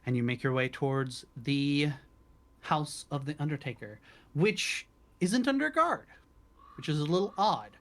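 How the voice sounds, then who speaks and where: A man running a tabletop game as game master, narrating scenes in a descriptive, unhurried way over a voice call. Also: fairly high pitch, big pitch swings. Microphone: headset or desk mic on a voice call.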